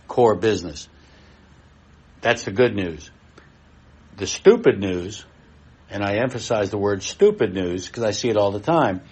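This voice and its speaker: A middle-aged man with a lowish voice presents at a live expo. He talks in a blunt, folksy way and speaks directly to the people in the room.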